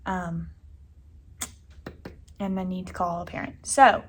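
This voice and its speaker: A woman's voice: medium pitch, fairly even intonation, unhurried, pauses often, slight background noise. Chatty young woman teacher vlogging. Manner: chatty, rambling, many "like"s and "anyways". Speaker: elementary school teacher. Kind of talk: casual day-in-the-life vlog talk.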